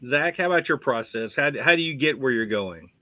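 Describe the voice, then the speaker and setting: A man's voice: mid-range voice, lively intonation, brisk. Man host on a tinny line. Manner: punning, rambling. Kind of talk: casual video chat. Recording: tinny dry phone-like audio.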